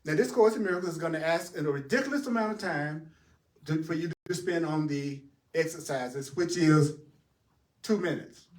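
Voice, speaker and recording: A man teaching a spiritual class in an animated way, asking rhetorical questions, answering them himself and chuckling often. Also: on the high side, normal speed. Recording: roomy sound from a distant mic.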